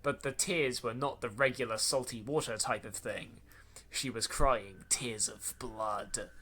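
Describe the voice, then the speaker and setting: A man with a bright, forward voice reads a horror story aloud as a podcast host. He stumbles over awkward lines, rereads them and breaks off for dry, mocking remarks. A faint hiss sits under his voice. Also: mid-range voice, fairly even intonation, measured pace. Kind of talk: reading aloud with sarcastic asides.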